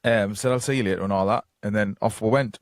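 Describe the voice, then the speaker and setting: A man's voice: on the low side, quick pace, no room sound, clean studio sound. Rambling Geordie man telling stories. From North East England. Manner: rambling anecdotes with many fillers and quoted dialogue. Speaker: guest psychic medium. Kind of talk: casual storytelling.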